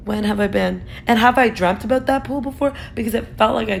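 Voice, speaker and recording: Brief: young woman, TikTok-style rant to a phone camera, frank and chatty, light background rumble. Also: quick pace, vocal fry, hardly any pauses. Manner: chatty, frank, swears, lots of "like". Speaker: TikTok creator. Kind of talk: casual talk to camera.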